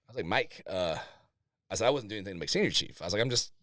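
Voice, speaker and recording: A man's voice: on the low side, lively intonation, very fast, fairly bright tone, no room sound, clean studio sound. A man in his forties, a Navy master chief, telling blunt, profane stories in a casual podcast chat and laughing often. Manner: candid storytelling, swears freely, laughs often.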